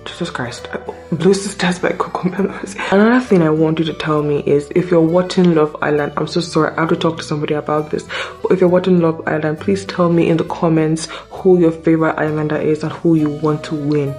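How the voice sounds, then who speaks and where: A woman's voice: low-pitched, fairly even intonation, brisk, a little mellow, faint music behind. A woman in her twenties from Nigeria, chatting casually and self-mockingly about books on her vlog, easily sidetracked. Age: 20s. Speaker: booktuber.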